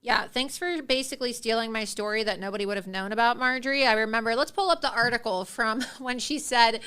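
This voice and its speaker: Woman ranting on her livestream, sarcastic and scornful, bright forceful smooth voice. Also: fairly high pitch, a little fast, few pauses. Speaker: host. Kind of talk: livestream political commentary.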